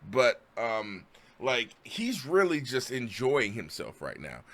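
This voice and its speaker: A man's voice: medium pitch, wildly swooping pitch, slow pace, fairly bright tone. A man streaming his reactions to a video, ranting profanely and sounding exasperated. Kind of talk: live stream commentary.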